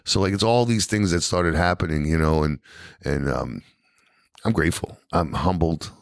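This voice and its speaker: Gravelly-voiced man telling his recovery story. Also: sits low, normal speed, no room sound, clean studio sound. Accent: New York. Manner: animated storyteller, frequent "you know what I mean". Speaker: podcast guest.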